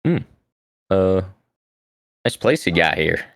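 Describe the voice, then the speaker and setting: A man playing a tabletop game, speaking in character with a hesitant, laid-back delivery full of fillers. His voice is very low and smooth, recorded close and dry. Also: big pitch swings, slow, a bit bright, dry recording. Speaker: player. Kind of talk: casual in-character role-play.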